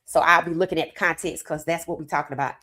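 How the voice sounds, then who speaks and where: A woman hosting a live sports talk stream, reading viewer comments aloud and reacting with animated opinions, her voice worn from hours of streaming. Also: deep voice, fast. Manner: animated, talks straight to chat, reads comments aloud. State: losing her voice.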